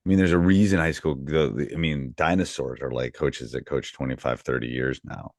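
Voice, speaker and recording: A middle-aged man hosts a basketball coaching podcast in a very low, deep voice. He talks loosely, circling back with ums and restarts. The sound is dry and close. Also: a little fast, gravelly, no room sound. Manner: relaxed, rambling, many ums and restarts. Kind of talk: casual podcast chat with ad reads.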